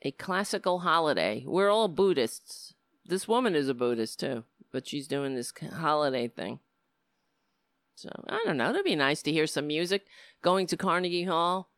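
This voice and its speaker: A middle-aged livestream host speaks straight to viewers in a medium-pitched, slightly bright voice at a moderate pace. Heated, profane rants sometimes give way to easygoing casual chat. The recording is dry, with clean studio sound.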